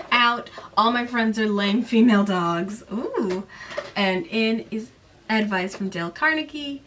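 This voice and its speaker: A woman's voice: takes it slowly, fairly bright tone, slight background noise. Chatty woman recapping a book, slightly distant. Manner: chatty, sarcastic, acts out characters' lines with pitch jumps.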